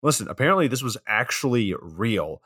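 A man's voice: medium pitch, sing-song, brisk, pushed and bright, slightly rough, no room sound, studio quality. A young man casually recapping a film plot for a podcast, swearing freely and acting out characters' lines.

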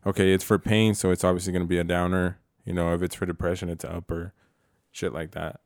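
A man's voice: deep voice, little pitch movement, fast talker, vocal fry, a little mellow, no room sound, studio quality. A young man telling loose, profane stories with slang and laughter in casual chat. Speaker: storyteller in a casual podcast chat.

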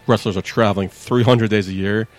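A man co-hosting a podcast, asking wry, probing questions and cutting in quickly. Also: on the low side, steady tone, dry recording, soft background music. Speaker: podcast co-host. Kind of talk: casual chat.

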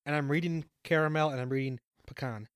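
Calm young man, dry close mic. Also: a little high, fast, dry recording. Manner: calm, matter-of-fact reasoning. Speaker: podcast co-host. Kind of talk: casual chat.

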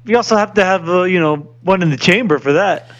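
A man's voice: high-pitched, fast talker, fairly bright tone, highs cut off. A man co-hosting a podcast, reacting with short remarks. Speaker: podcast co-host. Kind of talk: casual chat.

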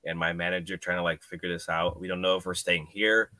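A man's voice: sits low, level tone, quick pace, heavy background noise. A young man, a motorcycle racer guest, chatting loosely with lots of fillers. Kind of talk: casual chat.

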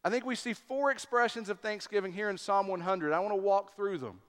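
A man preaching a sermon as pastor, deliberate and emphatic, pausing on key words. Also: sits high. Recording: long hall reverb.

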